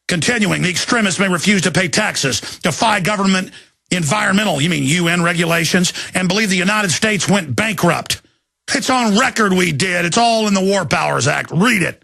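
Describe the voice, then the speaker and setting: A male talk show host tears through a fiery monologue. His voice sits high with a gravelly edge and a sharp, bright bite. He ranting builds into shouted bursts and drawn-out, pounding emphasis. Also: expressive. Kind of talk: impassioned monologue.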